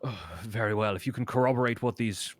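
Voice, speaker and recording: A man's voice: fairly low pitch, natural voice. A man voicing a flustered male orc town official who speaks formally and keeps stumbling over his words. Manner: halting, formal, full of restarts.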